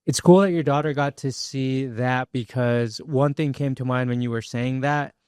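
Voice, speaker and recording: A male podcast host talks in a thoughtful, measured way, pausing on "um" as he works out his thoughts. His voice is smooth and clear at a middle pitch. It is recorded close and dry. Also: fairly even intonation, a little mellow, no room sound. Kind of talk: interview conversation.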